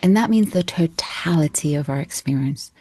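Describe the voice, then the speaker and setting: A woman's voice: low-pitched, lively intonation, moderate pace, dark tone, husky, no echo. A woman in her thirties, a coach speaking earnestly and expressively as an interview guest, often laughing. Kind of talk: heartfelt interview talk.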